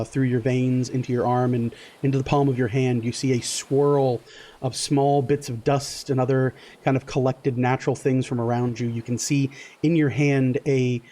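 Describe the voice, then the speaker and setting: Running a tabletop session, a male game master tells the story in a rambling, stop-start style packed with filler words. He has a medium-pitched voice with a warm tone.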